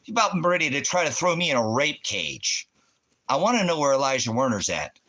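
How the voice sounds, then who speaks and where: A man's voice: mid-range voice, sing-song, fairly quick, pushed and bright. A middle-aged man ranting on a livestream, confronting chat viewers by name in a preachy, combative way. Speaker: livestreaming ministry host.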